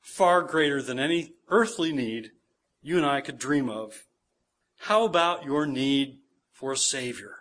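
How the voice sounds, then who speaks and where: A man's voice: medium pitch, expressive, a little slow, fairly bright tone. A man in his forties preaching a sermon, earnest, repeating phrases for emphasis and checking in with listeners. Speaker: pastor.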